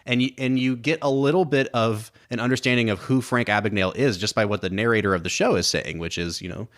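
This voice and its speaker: A man's voice: mid-range voice, fast, fairly bright tone. A man co-hosting a film podcast, talking through movie scenes with analytical enthusiasm in casual chat. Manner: enthusiastic, analytical, quotes scenes in put-on voices. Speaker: podcast co-host.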